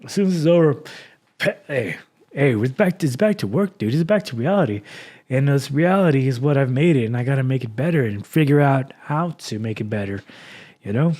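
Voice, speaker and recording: A man's voice: medium pitch, lively intonation, a little fast, a little mellow. Emotional man hosting a podcast. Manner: raw, heartfelt, motivational, with sighs. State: emotional after crying. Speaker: podcast host. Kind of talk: emotional solo podcast talk.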